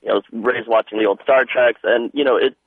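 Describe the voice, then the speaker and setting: A man's voice: medium pitch, steady tone, fast talker, no room sound. A young man calling in to a radio show, rambling with lots of fillers. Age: young adult. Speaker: caller. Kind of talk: phone-in chat. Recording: muffled phone line.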